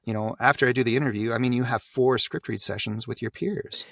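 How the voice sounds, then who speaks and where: A man's voice: medium pitch, fairly even intonation, fast talker, creaky, fairly bright tone, dry recording, studio quality. A man talking casually as a podcast guest about running a voiceover coaching group, often tagging his points with "right?". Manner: chatty, often tags "right?".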